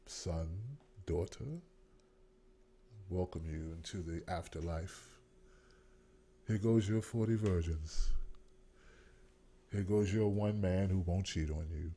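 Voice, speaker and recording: A man putting on a deep solemn afterlife greeter. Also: slight background noise. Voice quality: slow, deep and hushed.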